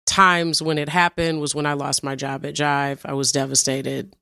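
Animated woman telling candid stories. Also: low voice, normal speed, gravelly, smooth, dry recording, studio quality. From Chicago. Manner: animated storyteller, acts out quoted voices. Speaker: interview guest, music executive. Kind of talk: candid storytelling interview.

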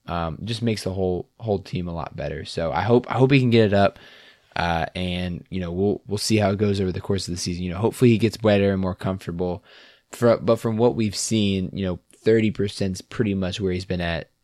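A man's voice: sits low, a little fast, no echo, studio quality. A man co-hosting a sports podcast, talking casually and laughing easily. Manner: relaxed, laughs often, trailing off. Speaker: podcast co-host.

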